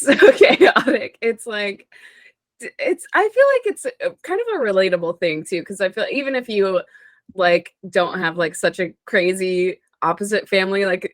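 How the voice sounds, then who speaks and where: A woman's voice: on the low side, dry recording, studio quality. A woman co-hosting a casual movie podcast, rambling with lots of fillers. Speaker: podcast co-host.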